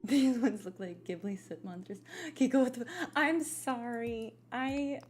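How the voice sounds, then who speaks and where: A woman's voice: a little high, normal speed, mellow, slight background noise. A young adult woman giving casual, rambling commentary while playing a game, often laughing at herself. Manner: giggly, rambling, self-deprecating. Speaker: gaming streamer.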